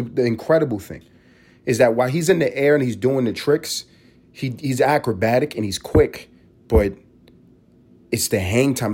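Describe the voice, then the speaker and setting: Husky male podcast host, profane rambling riff, mid-pitched. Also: a little mellow. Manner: rambling, profane, riffing with restarts. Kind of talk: casual solo podcast monologue.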